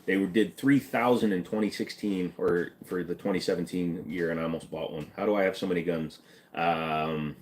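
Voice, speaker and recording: A deep-voiced man hosts a casual live stream, reading out chat questions and firing back blunt, joking answers. His low voice carries an easygoing tone. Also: steady tone, moderate pace, a little hiss or hum.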